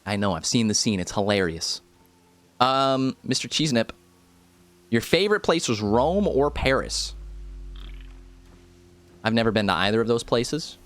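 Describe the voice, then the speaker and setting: Animated, jokey young streamer man. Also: mid-range voice, unhurried, pauses often. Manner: animated and jokey, big exclamations. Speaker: livestreamer playing a game. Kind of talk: casual gameplay commentary.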